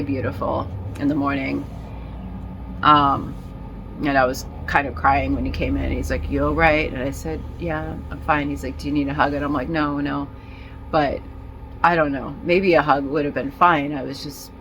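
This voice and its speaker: A woman talking in a casual personal vlog, rambling and halting with many fillers and restarts, in nicotine withdrawal and feeling disoriented. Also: sits low, fairly bright tone, a little hiss or hum, low-quality recording. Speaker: vlogger.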